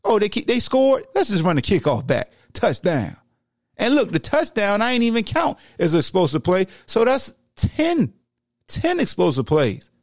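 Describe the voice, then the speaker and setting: A man's voice: high voice, normal speed, dry recording, clean studio sound. A man hosting a sports podcast, ranting with heat in casual, slangy talk. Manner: animated, slangy, heated ranting. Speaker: podcast host.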